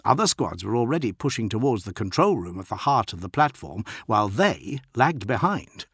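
A man narrating an audiobook in a steady, dramatic reading. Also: lowish voice, normal speed, husky, no echo, clean studio sound.

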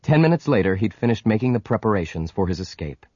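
A man narrating an audiobook with measured, dramatic storytelling. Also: lowish voice, sing-song, darkish tone, husky, dry recording, lo-fi sound. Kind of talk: scripted narration.

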